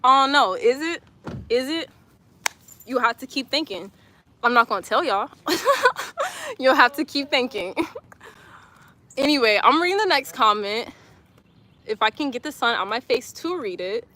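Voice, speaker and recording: High, bright-voiced chatty young woman. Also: sing-song, unhurried, pauses often. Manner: chatty and giggly, repeats herself, talks straight to viewers. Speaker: livestreamer reading chat comments. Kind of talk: casual live-stream chat while exercising.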